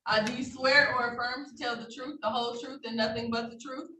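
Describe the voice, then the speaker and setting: A woman's voice: fairly high pitch, fairly even intonation, fairly quick, bright, forceful tone. A woman judge running courtroom proceedings in a formal, patient, procedural manner over a video call. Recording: roomy, distant, faint noise.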